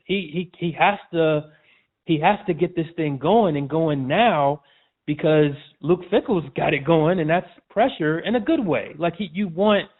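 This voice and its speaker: A man, a sports reporter appearing as a guest, talking casually and loosely in a relaxed, chatty way. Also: on the high side. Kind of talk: casual interview chat. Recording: tinny phone-like audio.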